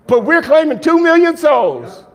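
A male pastor preaching a sermon in an animated way, asking rhetorical questions and answering them himself, with jokes and laughs between points. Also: very high-pitched, a little slow.

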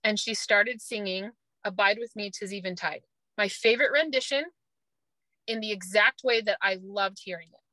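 A woman's voice: mid-range voice, moderate pace, sharp tone, dry recording, poor audio. A woman in her thirties, a mother, telling an emotional personal story with earnest intensity and nervous laughs. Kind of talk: personal testimony.

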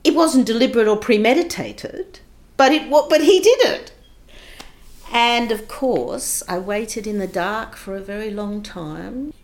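A woman recounting a painful childhood memory in an interview, moving between hushed passages and raised, intense moments. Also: fairly high pitch, animated, unhurried. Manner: vivid, emotional retelling with shifts between hushed and raised intensity. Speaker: guest recounting her childhood. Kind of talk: personal storytelling.

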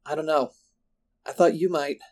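A man's voice: fairly high pitch, steady tone, normal speed, a little mellow, close to an everyday voice. A man voicing a frightened teenage girl who talks urgently and swears bluntly. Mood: urgent worried.

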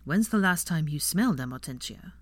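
A woman voicing an aloof young wizard with a dry, deadpan way of talking. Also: low voice, a little fast, no room sound. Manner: drawling, deadpan, teasing.

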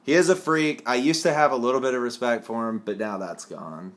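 Young male co-host, mid-pitched, casual and opinionated. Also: a little fast, a bit bright. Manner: opinionated, plain-spoken. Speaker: podcast co-host. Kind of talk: casual podcast chat.

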